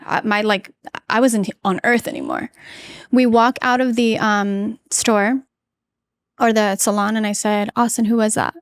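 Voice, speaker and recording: Earnest halting woman guest. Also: medium pitch, steady tone, clear, resonant tone, no room sound. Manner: earnest, halting, with many restarts and fillers. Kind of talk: emotional personal storytelling.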